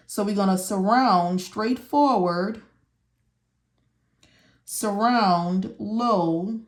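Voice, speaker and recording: A woman teaching medical coding, walking viewers step by step through a study lesson and repeating her instructions and questions as if they could answer. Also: mid-range voice. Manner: slow, repetitive, talks to viewers as if they can answer.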